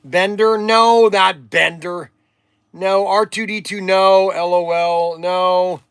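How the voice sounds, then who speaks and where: Exasperated older man with a high voice. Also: fairly even intonation, slow, a bit bright, smooth, no room sound. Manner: exasperated, forgetful, sighing. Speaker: livestream host. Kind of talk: rambling livestream chat.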